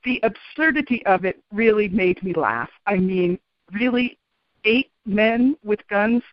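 Woman guest, relaxed storyteller, laughs easily; muffled, dry broadcast sound. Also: mid-range voice, measured pace, dry recording. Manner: calm, animated, laughs often. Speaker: interview guest. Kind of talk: storytelling in a radio interview. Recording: dull, dry radio sound.

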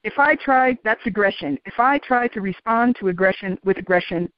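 Woman guest, relaxed storyteller, laughs easily; muffled, dry broadcast sound. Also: mid-range voice, moderate pace, dry recording. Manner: calm, animated, laughs often. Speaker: interview guest. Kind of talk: storytelling in a radio interview. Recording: dull, dry radio sound.

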